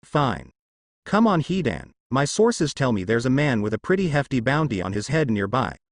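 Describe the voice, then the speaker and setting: A man voicing a money-minded bounty hunter who talks bluntly and plainly. The read is animated and sits dry and close. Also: mid-range voice, normal speed, no echo.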